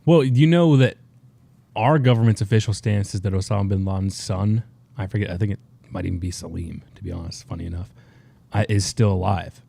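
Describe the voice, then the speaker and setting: A man's voice: lowish voice, brisk, creaky, dark tone. A man co-hosting a casual podcast chat, explaining things earnestly with hesitant restarts. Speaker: co-host.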